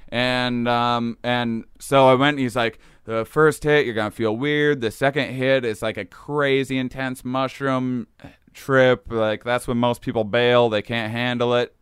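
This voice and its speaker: Smooth-voiced young man telling a story. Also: mid-range voice, unhurried, no echo, clean studio sound. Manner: animated, laughs often, acts out quoted voices. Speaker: podcast guest. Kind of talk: casual storytelling chat.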